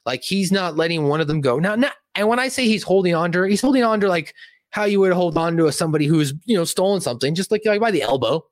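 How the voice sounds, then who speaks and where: Animated, rambling male movie recapper. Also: high voice, quick pace, no echo, clean studio sound. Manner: animated, rambling, profane storytelling with many asides. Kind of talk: casual spoken film recap. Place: indoors, seated.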